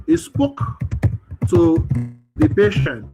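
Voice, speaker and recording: A man's voice: high voice, very animated, takes it slowly, music in the background. A man presents a webinar, thinking aloud through a live screen-share demo with hesitant fillers.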